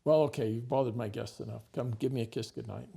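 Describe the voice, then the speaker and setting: A man voicing a kindly middle-aged French woman who shelters a boy, speaking in a bright, coaxing hostess tone. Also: medium pitch, fairly even intonation, fast talker, creaky, husky. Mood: brisk.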